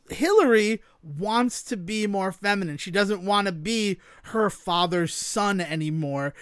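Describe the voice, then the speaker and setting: A mid-pitched co-host talks through a movie in casual podcast style, wry and sardonic, building mock theories and cursing for emphasis. The voice sounds close and dry. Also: no room sound. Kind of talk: casual film-review chat.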